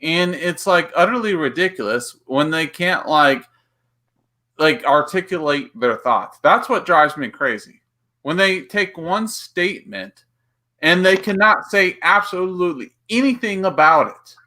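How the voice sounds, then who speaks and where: A man chatting casually on a stream, rambling and animated with lots of filler words. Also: a little high, a little slow. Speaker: guest on a stream. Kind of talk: casual chat.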